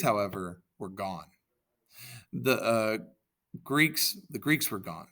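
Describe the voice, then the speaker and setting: Casual storybook reader, man, bright voice, corrects himself often. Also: mid-range voice. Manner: reads with self-corrections and asides. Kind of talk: casual storybook reading aloud.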